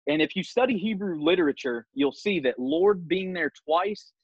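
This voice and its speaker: A man's voice: sits high, animated, normal speed, slightly rough, no echo, highs cut off. Earnest man leading a Bible study. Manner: earnest, emphatic, reads scripture aloud. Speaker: podcast host.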